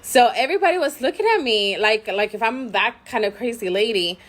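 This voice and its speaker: A mother vlogging to camera, telling a story in a chatty, animated way with many fillers and frequent laughter. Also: a little high, a little fast.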